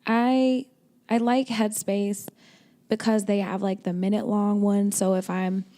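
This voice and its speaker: A woman's voice: mid-range voice, level tone, a little slow, warm tone. A young woman co-hosting a podcast, chatting casually and acting out little quoted exchanges. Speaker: podcast co-host. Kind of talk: casual chat.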